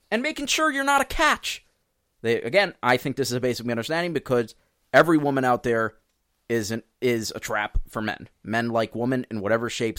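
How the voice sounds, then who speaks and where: Male podcast co-host, mid-pitch, lively explainer, close dry mic. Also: no echo. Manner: animated, explains with quoted voices. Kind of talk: casual religious discussion podcast.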